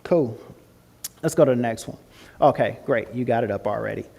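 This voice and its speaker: A man's voice: moderate pace, gravelly, breathy edge. A man giving a testimony talk to a student group, telling his story in a casual way and acting out the voices in it. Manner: animated storytelling, acts out voices with high pitch jumps; casual, informal grammar. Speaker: guest speaker.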